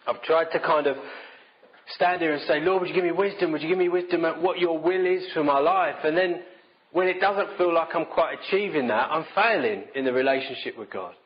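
Male preacher, fairly high voice, chatty self-mocking sermon delivery, muffled lo-fi recording. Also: a little fast. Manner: conversational, self-deprecating storytelling.

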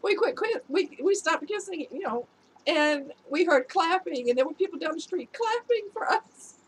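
A woman's voice: very high voice, animated, normal speed, rough recording. New lady vlogging, chatty and joking at herself, bit of faint hiss behind. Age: adult, past her youth. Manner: chatty, talks straight to viewers, laughs at herself. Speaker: vlogger giving relationship advice. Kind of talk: casual storytelling to camera.

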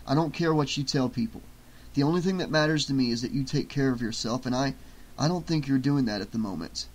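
A man's voice: mid-range voice, fast talker, close to an everyday voice. A man voicing a worried, earnest young man who lectures tiredly, close to his own voice. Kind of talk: audiobook character voice.

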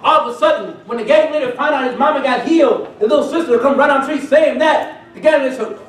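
A man's voice: extremely high pitch, quick pace. A man preaching a testimony sermon, telling his story with animation and acting out the voices of the people in it. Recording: echoey hall, recorded from a distance.

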